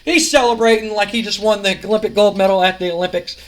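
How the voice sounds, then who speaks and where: A man casually narrating a wrestling sim game, rambling and animated with lots of fillers. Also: high voice, fast, low-quality recording. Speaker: gaming video host.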